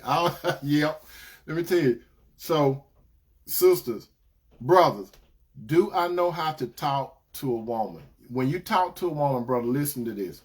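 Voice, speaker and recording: Man with a fairly high voice, preaches relationship advice, repeats his points, swings between loud emphatic lines and soft asides. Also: expressive, moderate pace. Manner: repetitive, addresses listeners as brothers and sisters. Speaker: Christian relationship advice speaker. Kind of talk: preaching-style advice talk.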